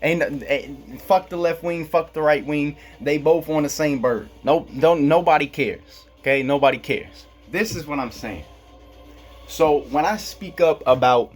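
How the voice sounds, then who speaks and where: A man's voice: fairly high pitch, unhurried, faint music behind. A man from Kansas delivering a rambling, profane casual monologue, chuckling at his own jokes. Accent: Black American English. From Kansas, USA. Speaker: vlogger.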